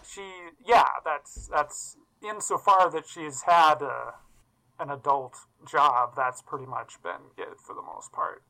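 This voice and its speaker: A man in relaxed podcast chat with old friends, wry and easygoing, often trailing off. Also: fairly high pitch, slow pace, vocal fry, rough recording.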